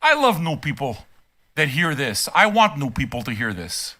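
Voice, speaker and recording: Blunt, swearing older man, bright voice. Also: mid-range voice, very animated, normal speed. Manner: blunt, swearing, rising into shouts. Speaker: music reaction host. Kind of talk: profane rant on a music reaction stream.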